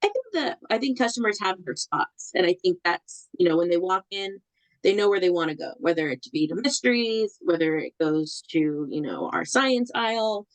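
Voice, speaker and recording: Woman with a lowish voice, halting answer, dry close sound. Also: big pitch swings, no echo, rough recording. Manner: hesitant, many ums and restarts. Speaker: bookseller guest.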